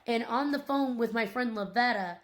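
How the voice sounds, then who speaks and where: A woman's voice: on the high side, moderate pace, a little hiss or hum. A young adult woman, a mother, venting in an angry vlog rant, upset and indignant about her children's school. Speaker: parent.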